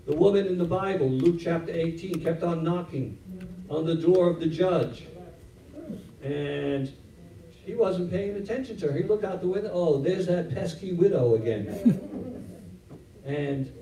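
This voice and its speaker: A man preaching a sermon in a church, animated and acting out Bible scenes in different voices. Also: on the high side, measured pace, long pauses, slight background noise. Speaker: pastor. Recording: roomy echo, from a distance.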